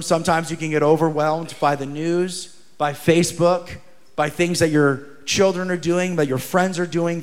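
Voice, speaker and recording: Male pastor, thirties, high voice, casual and energetic preaching with lots of slang and acted-out voices. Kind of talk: sermon.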